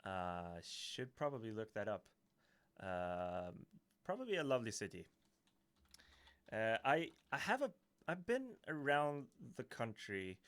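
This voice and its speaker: Swedish-accented male streamer, lowish voice, chatty and playful, often correcting himself. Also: big pitch swings, a little slow, long pauses, a bit bright. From Sweden. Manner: rambling, self-correcting, playful. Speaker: livestream host. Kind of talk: casual live Q&A chat.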